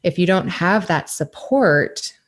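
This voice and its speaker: Woman, podcast guest, low-pitched, casual, animated. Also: slow. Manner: animated, laughing storyteller. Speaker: podcast guest, naturopathic doctor. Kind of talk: casual storytelling.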